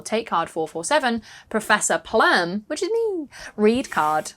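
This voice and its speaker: A woman's voice: a little high, very animated, measured pace, a bit bright. A woman co-hosting a board game session in a playful, teasing way, humming little tunes as she moves her piece. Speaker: co-host. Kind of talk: casual chat while playing a board game.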